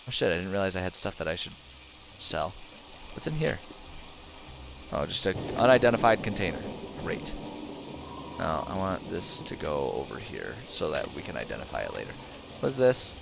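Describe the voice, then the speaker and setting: A male streamer at home, giving sarcastic, animated commentary on a game and laughing often. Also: fairly low pitch, gravelly, slight background noise. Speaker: gaming streamer. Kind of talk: casual let's-play commentary.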